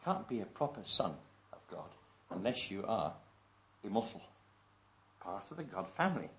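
A man preaching a sermon. He reads scripture slowly and with emphasis and asks the congregation rhetorical questions. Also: on the low side, big pitch swings. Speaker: pastor. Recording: dull lo-fi recording.

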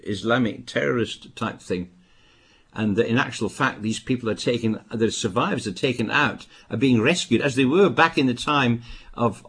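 An older man from Britain preaching a sermon, with emphatic bursts and quieter asides. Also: mid-range voice, husky. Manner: emphatic, rising to stress warnings, then dropping to asides.

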